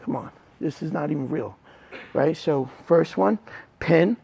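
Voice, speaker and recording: Middle-aged guy coaching jiu-jitsu on the mat, raspy gravelly voice, keeps going "right? okay?". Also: fairly high pitch, dark tone. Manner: acts out students' lines in quick asides. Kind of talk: mat-side technique instruction.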